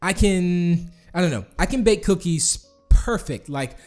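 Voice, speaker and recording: A man's voice: fairly high pitch, a little mellow. A man hosting a casual game tour, rambling and self-deprecating, laughing often and restarting his sentences. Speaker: gaming channel host touring community builds.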